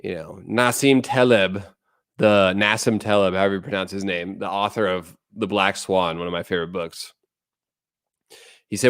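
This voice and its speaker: A man's voice: low voice, fairly even intonation, moderate pace, fairly bright tone, clear, resonant tone, no room sound, clean studio sound. A man hosting a casual livestream, chatting bluntly and profanely, reading viewer comments aloud and rambling between topics. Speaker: livestream host.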